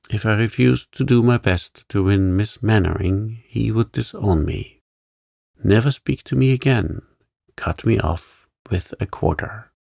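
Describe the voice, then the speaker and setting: A man narrating a bedtime story for sleep in a calm, soft-spoken, soothing way. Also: fairly low pitch, gravelly, dry recording, clean studio sound.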